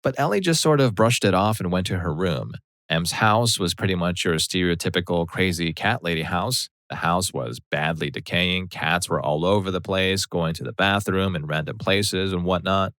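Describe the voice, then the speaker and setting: A man narrating a personal story aloud in a steady, matter-of-fact way. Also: low voice, normal speed, no room sound, clean studio sound.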